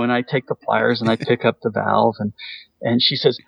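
A man co-hosting a casual chat, telling a home repair story with lively, animated delivery. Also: brisk, vocal fry, husky, dry recording, lo-fi sound. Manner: animated storyteller, jumps up in pitch acting out his wife.

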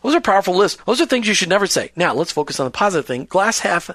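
A man's voice: sits high, sing-song, fast, fairly bright tone, dry recording. A man co-hosting a faith-based marriage talk show, speaking earnestly and reading lists with emphasis. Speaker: radio show co-host.

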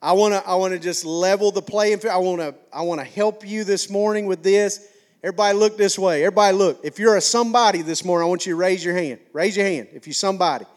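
A man's voice: high voice, fast. A male pastor preaching a sermon in a folksy, conversational way, repeating phrases for emphasis.

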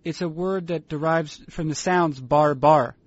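A man co-hosting a casual chat, rambling and halting, amused at his own stories. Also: on the high side, dry recording, dull audio. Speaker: podcast co-host.

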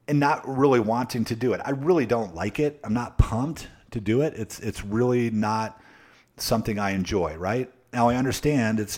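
A man's voice: fairly low pitch, a little mellow. Emphatic man coaching his audience. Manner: emphatic and repetitive, with frequent tag questions; addresses viewers directly. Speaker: sales coach. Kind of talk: motivational live-stream talk.

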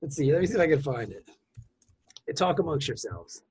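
A man in casual podcast chat, profane and excitable, who laughs often. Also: fairly high pitch, brisk, husky.

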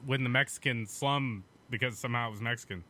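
A man's voice: medium pitch, fairly quick, sharp tone. A man with a Southern US accent, a podcast guest who jokes crudely and provocatively in casual chat. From southern United States.

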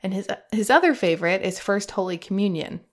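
A woman's voice: mid-range voice, animated, a little fast. A middle-aged woman hosting a podcast, telling a personal faith story in a heartfelt way, emotional at times and laughing through tears. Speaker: podcast host.

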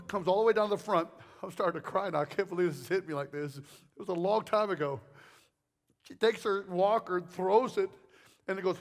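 High-voiced joking male preacher. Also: fairly quick. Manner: rambling, animated storytelling with jokes and asides. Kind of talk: sermon.

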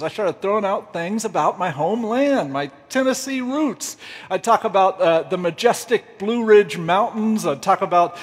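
Man, pastor, husky, high-pitched, humorous sermon storytelling, long hall reverb. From United States. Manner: humorous, self-deprecating, laughs often.

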